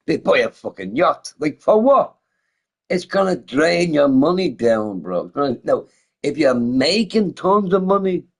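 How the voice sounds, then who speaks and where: Casual male streamer, profane and chuckling, very animated pitch. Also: slightly rough, poor audio. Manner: profane, laughing often, animated rhetorical questions. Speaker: gaming streamer chatting with viewers. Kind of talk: casual rambling chat.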